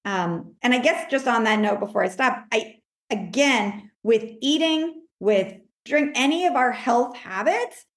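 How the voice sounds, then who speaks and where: A woman life coach talking in a casual interview, animated, acting out her own self-talk in a higher voice. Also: unhurried, reverberant. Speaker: life coach, podcast guest.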